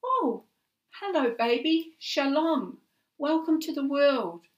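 A woman's voice: sits high, very animated, slow pace, highs cut off, voice pushed up, full character voice. Woman doing a chirpy sing-song little girl. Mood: excited. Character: excitable young girl, sing-song and eager.

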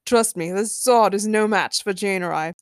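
A woman's voice: mid-range voice, moderate pace, clean tone, no room sound, clean studio sound, close to an everyday voice. A woman voicing a brash, cocky male thunder god in a storybook reading, breezy and self-assured. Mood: confident.

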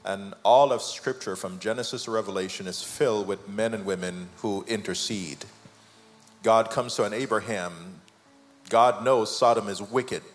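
A man with a Jamaican accent, a guest pastor preaching with fervor that climbs from low and measured to loud and soaring. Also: soft background music. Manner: fervent, builds from low and slow to loud and high.

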